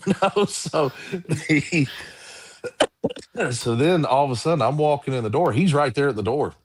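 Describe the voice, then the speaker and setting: A man's voice: medium pitch, moderate pace, pauses often, dry recording. A male wrestler being interviewed, telling stories casually, acting out other people's voices and laughing often. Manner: animated, acts out quoted voices, laughs often. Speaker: guest wrestler.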